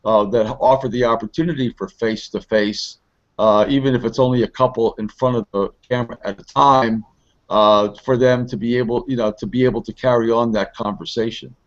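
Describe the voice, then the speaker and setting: A man's voice: medium pitch, fairly even intonation, a little fast. A gray-haired older man, a neighborhood activist, speaking hesitantly and thoughtfully in a conversational discussion. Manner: hesitant, thoughtful, many fillers. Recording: slightly muffled lo-fi.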